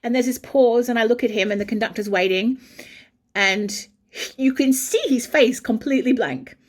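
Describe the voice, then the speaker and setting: A woman, an opera singer, telling a backstage anecdote in an animated way and breaking into sung phrases. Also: on the high side, normal speed. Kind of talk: storytelling anecdote.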